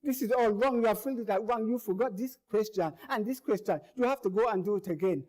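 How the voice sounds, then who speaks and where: A man's voice: high-pitched, fast talker, a little mellow. A man doing a curt, impatient female clerk. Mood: dismissive. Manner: curt, dismissive, repeats refusals. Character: impatient brusque female job centre clerk.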